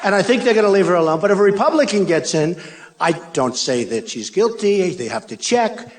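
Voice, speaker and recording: A man's voice: high-pitched, lively intonation, a little fast. Boastful older man at a rally. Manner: boastful, repetitive, mocking asides. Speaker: political candidate. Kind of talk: rally speech. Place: large arena. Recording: crowd in a big arena. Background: faint crowd and ambience.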